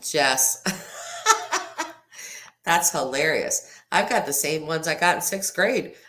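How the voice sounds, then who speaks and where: Low-voiced woman chatting live. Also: expressive, takes it slowly, sharp tone. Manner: rambling and self-interrupting, laughs often; reads viewer comments aloud. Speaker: livestream host. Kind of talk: casual live chat with viewers.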